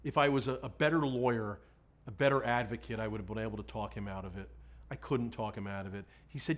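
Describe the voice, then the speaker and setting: A middle-aged male defense lawyer looking back on a case in an interview, frank and animated, breaking into laughs as he tells it. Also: on the low side, fast. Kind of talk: candid recollection in an interview.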